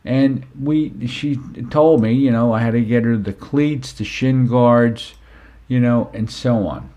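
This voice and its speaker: Slow, unhurried male storyteller. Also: mid-range voice, warm tone. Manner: unhurried, conversational, frequent "you know". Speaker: parenting and classroom speaker. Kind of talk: storytelling talk.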